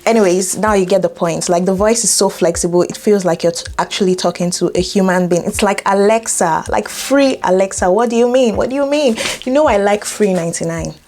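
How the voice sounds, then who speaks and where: A woman's voice: medium pitch, fairly quick, hardly any pauses, a little mellow. A young woman hosting a casual tutorial, playful and jokey, talking straight to viewers. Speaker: tutorial host.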